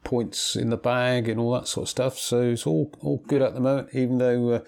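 Relaxed chatty male radio host. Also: medium pitch, a little fast, gravelly. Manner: relaxed, chatty, trailing off with fillers. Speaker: radio football show host. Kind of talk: casual chat and interviewing.

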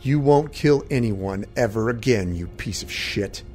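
A man voicing a weakened male warden who talks low and slow. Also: lively intonation, a little mellow, soft background music. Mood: grim. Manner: slow, low, weary delivery.

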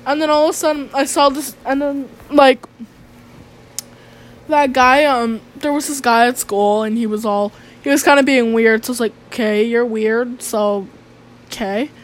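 High-voiced sarcastic woman vlogging. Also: steady tone, moderate pace. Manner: sarcastic, swearing, slangy rambling. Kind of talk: casual storytime monologue.

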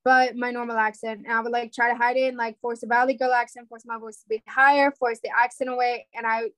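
High-voiced young woman, blunt and profane. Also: little pitch movement, fast, fairly bright tone, no room sound, rough recording. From United States. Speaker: streamer. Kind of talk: casual chat.

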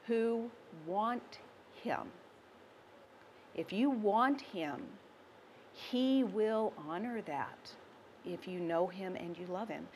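A woman's voice: medium pitch, darkish tone, a little hiss or hum. A woman preaching a sermon in a conversational, emphatic way, often putting questions to her listeners. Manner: conversational, asks the congregation questions; slow and emphatic.

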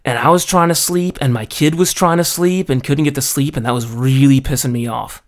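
A man's voice: mid-range voice, fairly quick. A man vents to the camera in a loose, profane monologue. He sounds exasperated and restarts his sentences often, tossing in "okay?" and "you know?" as he goes. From foreigner living in Japan. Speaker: storyteller. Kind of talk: casual ranting monologue.

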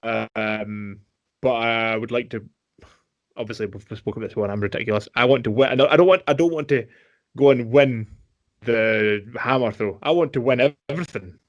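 A man co-hosting a podcast in casual chat, a bit drunk, excitable, swearing freely and laughing often. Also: mid-range voice, normal speed, highs cut off. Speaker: podcast co-host.

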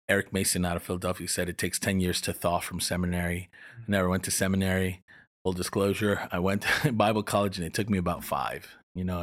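Husky, very low-voiced young man. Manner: earnest, rambling with many restarts. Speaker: church planter. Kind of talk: personal storytelling in an interview.

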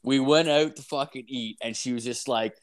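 A young man, rambling and profane, telling an animated anecdote in casual chat with filler words everywhere. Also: medium pitch, moderate pace. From Canada. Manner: animated, acts out voices in anecdotes.

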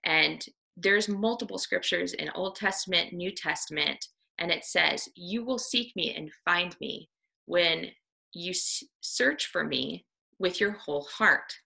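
Slow, gravelly-voiced woman giving a devotional talk. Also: fairly low pitch, bright, forceful tone, rough recording. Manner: earnest, conversational, frequent ums and tag questions.

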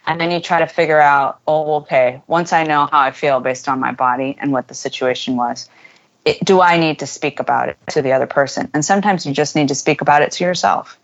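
A woman's voice: deep voice, fast talker, dull audio. A woman who teaches, explaining earnestly and thoughtfully in casual conversation.

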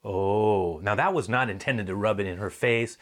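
A man preacher giving a sermon in a conversational, animated storytelling manner. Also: on the low side, normal speed.

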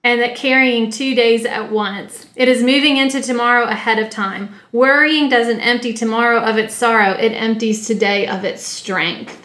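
A woman's voice: fairly high pitch, fairly even intonation, normal speed, hardly any pauses, a bit bright. A woman co-hosting a faith podcast, explaining ideas thoughtfully and step by step. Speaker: podcast co-host. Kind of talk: teaching-style discussion. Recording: roomy echo.

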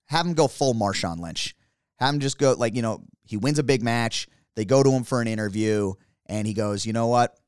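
A man talking casually and rambling through animated opinions as a podcast co-host. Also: medium pitch, moderate pace, clear, resonant tone, no echo, studio quality. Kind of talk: casual wrestling chat.

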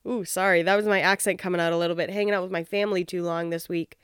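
Woman, TV recap host, casual commentary, blunt and opinionated, clean smooth voice. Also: fairly low pitch, steady tone, quick pace, hardly any pauses, no echo, studio quality. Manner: blunt, opinionated and profane, with laughs.

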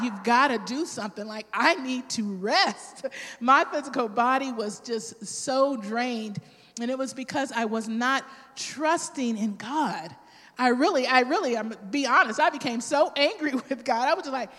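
A woman preaching a sermon, telling a personal story with animated quoted voices. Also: on the high side, measured pace, long reverb tail.

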